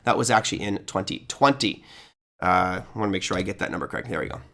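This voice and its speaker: A man's voice: low-pitched, fast, creaky, bright, forceful tone. A man hosting a finance show, giving sarcastic, emphatic opinionated commentary. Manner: sarcastic, emphatic, reads along from notes.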